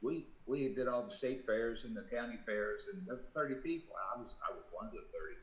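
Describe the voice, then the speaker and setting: A man's voice: mid-range voice, fast talker, echoey room, dull audio. A man running as an independent congressional candidate, talking politics in a casual, rambling way, with many fillers and restarts over a video call.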